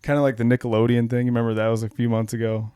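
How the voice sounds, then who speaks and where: A man's voice: mid-range voice, monotone, rapid-fire, dark tone, clear, resonant tone, no echo, clean studio sound. A man co-hosting a casual podcast chat, reading documents aloud, laughing often and swearing as he gets worked up. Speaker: podcast co-host.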